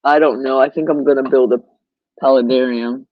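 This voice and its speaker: A laid-back man co-hosts a casual live stream, reading viewer comments aloud at an even middle pitch. He sits a bit off the mic, and the sound is dry and slightly dull. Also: fairly quick, dry recording. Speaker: co-host reading chat.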